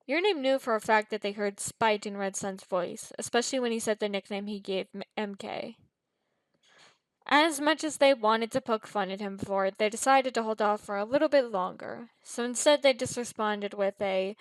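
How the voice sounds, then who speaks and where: A woman's voice: a little high, moderate pace, no echo, rough recording. A woman narrating a fan fiction story aloud, often tripping over words and restarting. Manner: frequent stumbles and restarts.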